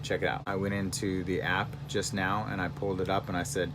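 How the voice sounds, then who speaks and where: A man, a real estate agent, vlogging casually in an excited, self-promoting, storytelling way while out on residential streets. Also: sits low, brisk, noisy background. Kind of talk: casual vlog to camera.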